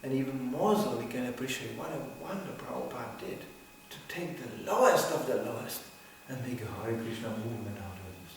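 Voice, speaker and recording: Older man, animated, in an echoey room. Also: medium pitch, a little fast, a little hiss or hum. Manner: animated, theatrical, acts out voices. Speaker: spiritual teacher. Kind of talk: informal religious lecture. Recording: echoey room, mic at a distance.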